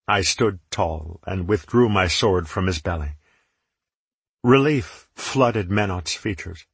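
A man reads a first-person fantasy story aloud with a steady, measured delivery. His voice is low and husky. The recording is dry and close. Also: dry recording. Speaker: audiobook narrator.

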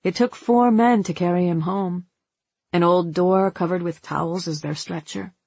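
A narrator reading a novel aloud as an audiobook in a measured, unhurried way. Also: mid-range voice, fairly even intonation, creaky, a little mellow, slightly rough, dry recording.

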